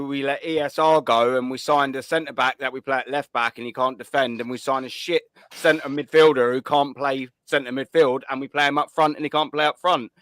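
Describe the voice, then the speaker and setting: A man's voice: medium pitch, a bit bright, smooth, no room sound. A man, hosting a casual call-in chat with blunt, sweary banter. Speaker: host.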